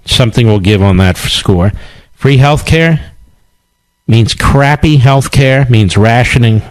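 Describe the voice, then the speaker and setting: A man's voice: medium pitch, slow, dry recording, rough recording. A male radio talk show host delivering a combative, sarcastic political monologue with emphatic repetition.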